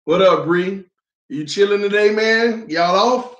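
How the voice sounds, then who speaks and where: A man hosting a live fan stream, slightly hoarse from losing his voice, greeting viewers by name in loose slangy chat and getting loud when he argues. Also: sits high, measured pace, reverberant, highs cut off. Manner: gets loud and heated when arguing a point.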